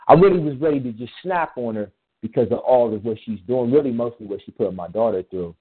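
Man, casual chat, rambling and emphatic, phone-line audio, average pitch. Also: a little fast, breathy edge. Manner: rambling, emphatic storytelling with frequent restarts. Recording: tinny phone-line sound.

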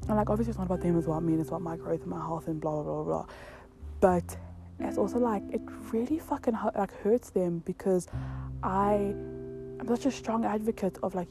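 A young woman from South Africa talking candidly in a casual podcast monologue, swearing freely and filling her talk with "like". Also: on the low side. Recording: guitar music playing behind. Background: guitar music.

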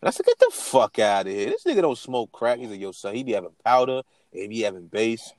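Animated, profane male podcast storyteller. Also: mid-range voice, fast, dry recording. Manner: animated, profane, laughs often, acts out quotes. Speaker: podcast co-host. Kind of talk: casual storytelling chat.

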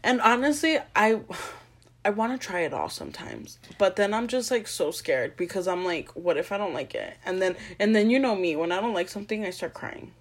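A young woman co-hosting a casual chat, giggly and animated as she tells stories. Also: mid-range voice, a little fast. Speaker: podcast co-host.

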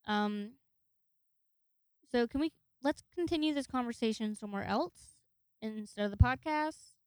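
A young woman hosts her podcast in rambling, giggly casual chat. Her voice is smooth and clear and sits slightly high. The sound is close and dry. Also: unhurried, darkish tone, dry recording. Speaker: podcast host.

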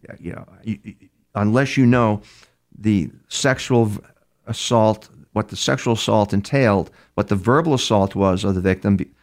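Speaking at normal speed in a lowish voice, a New York criminal profiler shares case stories in a conversational interview. He frequently restarts and repeats words, voicing the people in his stories himself.

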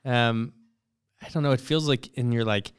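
Man, podcast co-host, casual chat, hesitant, self-deprecating, mid-pitched voice. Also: normal speed, clean tone.

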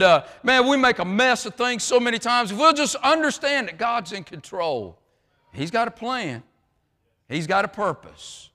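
A man preaching a sermon as pastor, swinging from shouts down to hushed asides with many fillers. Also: high voice. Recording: long hall reverb.

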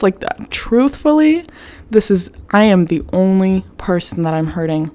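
A woman's voice: medium pitch, very animated, measured pace, mellow, no room sound. A young woman hosting a casual self-help podcast, talking candidly, swearing freely and peppering her speech with "like". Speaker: podcast host.

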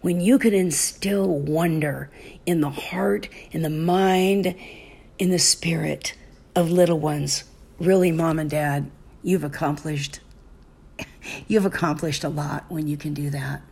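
A middle-aged woman hosting a parenting advice talk, speaking softly and slowly, often dropping to a whisper. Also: low-pitched, steady tone, gravelly, husky. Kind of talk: gentle spoken advice monologue.

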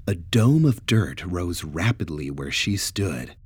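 Man reading a pulpy story, low husky voice, lively and slow, dry sound. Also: no room sound. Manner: animated, dramatic. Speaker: narrator. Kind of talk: dramatic storybook narration.

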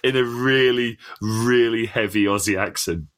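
A man co-hosting a casual gaming chat, trading mocking insults and quick to laugh. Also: mid-range voice, fairly bright tone. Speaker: co-host.

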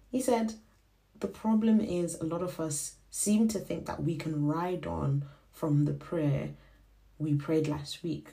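A young woman whose first language is Shona hosts a podcast, telling a faith reflection in a casual, animated way and acting out the voices she quotes. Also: low voice, slow pace, vocal fry. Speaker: podcast host.

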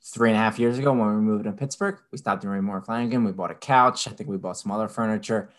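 A man co-hosting a podcast, telling a story with lively asides and mocking impressions of people. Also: quick pace. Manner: animated storyteller, mimics people in high voices. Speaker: podcast co-host. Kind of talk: casual chat.

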